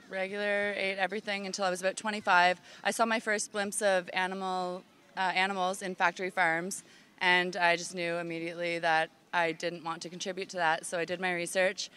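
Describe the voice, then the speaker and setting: A woman's voice: lowish voice, a bit bright, clean tone. A woman in her thirties, a festival organizer, talking enthusiastically in a casual outdoor interview. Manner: enthusiastic, upbeat.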